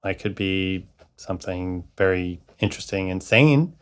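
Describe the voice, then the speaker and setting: A man's voice: low voice, moderate pace, smooth. A man, a studio co-owner, talking as a guest on a podcast in a casual, enthusiastic, rambling way, piling up adjectives.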